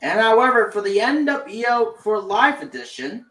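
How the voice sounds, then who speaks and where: A man's voice: high voice, big pitch swings, normal speed, a bit bright, recorded from a distance. Off-mic man with a roomy echo. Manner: reads game news with many fillers and restarts. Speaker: podcast host. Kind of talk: casual podcast chat.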